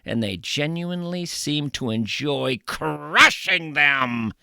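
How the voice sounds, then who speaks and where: A man hosting, delivering a deadpan, playful comedic monologue and ad read. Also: a little high, takes it slowly, creaky, clear, resonant tone, no echo, clean studio sound. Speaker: host.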